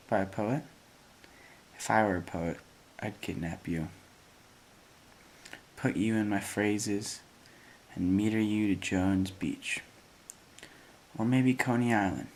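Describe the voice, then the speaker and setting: Slow, deliberate man reading a poem. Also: lowish voice, slight background noise. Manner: measured and deliberate. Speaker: poem reader.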